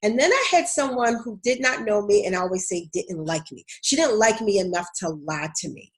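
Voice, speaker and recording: A woman with a Baltimore accent talks straight to her live-stream viewers as a career coach. Her voice sits at an ordinary pitch for a woman. Her delivery is candid and chatty, and she calls her listeners "y'all.". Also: animated, fairly quick.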